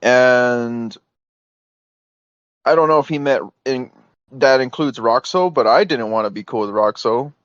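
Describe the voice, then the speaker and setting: A man speaks insistently over a voice call, exasperated and padding his points with fillers. His voice sits at an ordinary male pitch. The audio is dry and muffled, like a lo-fi chat recording. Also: measured pace, long pauses, fairly bright tone, no echo. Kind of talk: heated private voice call.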